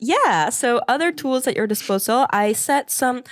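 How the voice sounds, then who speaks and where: A woman talking as a podcast guest in a casual conversation, animated and quick to laugh. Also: a little high, no echo, studio quality.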